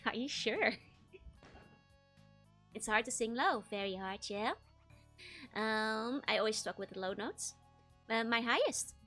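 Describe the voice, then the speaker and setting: Over faint background music, a young woman streaming as a VTuber speaks a little slowly with frequent pauses, her voice on the high side, bright and forceful. She's giggly, laughing often between phrases, and keeps restarting her sentences as she talks with her chat.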